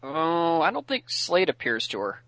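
A man co-hosting a podcast who calmly walks through an episode's plot in casual chat, carefully correcting details. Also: fairly high pitch, normal speed, a crowd in the background, low-quality recording. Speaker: podcast co-host.

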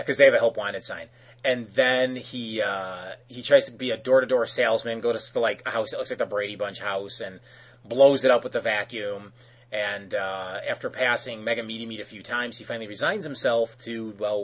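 A man's voice: lowish voice, moderate pace. A man casually recapping a cartoon episode as podcast host, rambling with many fillers.

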